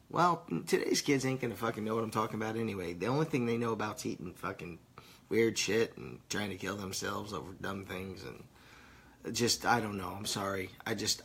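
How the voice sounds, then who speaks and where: A man's voice: fairly low pitch, fairly bright tone. A stoned man reading viewer comments on a casual live stream, crude, joking and rambling. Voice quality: gravelly.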